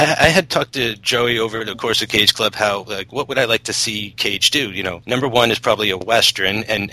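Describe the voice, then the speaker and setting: A man's voice: medium pitch, sharp tone, low-quality recording. A man co-hosting a movie podcast, chatting with enthusiasm and laughing often. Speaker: podcast co-host. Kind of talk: casual movie review chat.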